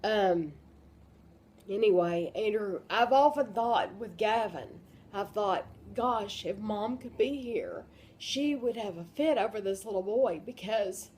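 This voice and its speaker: A woman in her fifties, crying as she talks in a personal vlog. She speaks haltingly, with many pauses and fillers. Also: mid-range voice, animated, darkish tone, slight background noise. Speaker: vlogger.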